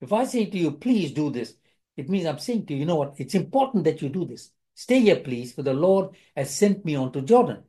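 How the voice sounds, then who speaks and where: Animated preacher with a dark, mellow voice. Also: male voice, fairly high pitch, a little fast. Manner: animated, repeats and restarts phrases, acts out quoted lines. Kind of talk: sermon.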